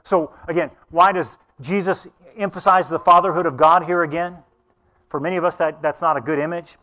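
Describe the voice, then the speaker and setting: A middle-aged pastor preaching a sermon with a somewhat high voice. He talks with lively animation and slips into little character voices as he tells stories. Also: brisk.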